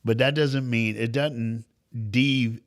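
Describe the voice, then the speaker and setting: A man's voice: medium pitch, steady tone, takes it slowly. A middle-aged man, a guest speaker and author, telling stories in a talk-show chat and acting out other people's lines as he goes. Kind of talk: storytelling in a talk-show conversation.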